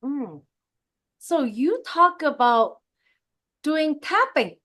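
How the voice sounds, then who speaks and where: A woman with a high voice hosts an interview. She asks questions casually and curiously and often laughs. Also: very animated, very slow, pushed and bright. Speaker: host.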